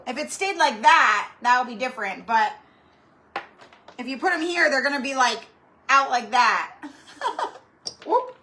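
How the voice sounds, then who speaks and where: A woman's voice: high voice, big pitch swings, a little slow, long pauses, sharp tone, a little hiss or hum. A woman hosting a live-stream craft tutorial, chatty and rambling as she greets viewers by name. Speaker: craft channel host.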